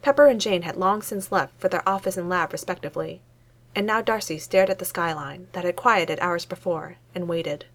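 A woman reading a fan-fiction story aloud as narrator, in an expressive, lively way. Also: lowish voice, normal speed.

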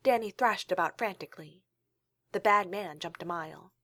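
A woman reading a story aloud in a calm, steady storytelling manner. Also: fairly low pitch, moderate pace, no room sound, clean studio sound. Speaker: reader.

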